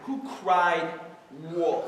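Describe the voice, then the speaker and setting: A man's voice: on the high side, very slow, heavy background noise. A man telling stories to children at a mosque family night, playful and theatrical, joking between the lines. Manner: playful, theatrical, mixing jokes into the story. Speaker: storyteller. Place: mosque hall. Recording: echoey hall from far off. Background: children in the audience calling out.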